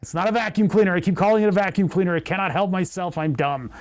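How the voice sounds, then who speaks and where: A man's voice: sits high, quick pace. A man hosting a casual livestream, rambling and self-mocking as he thinks aloud while tinkering with electronics. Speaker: livestream host.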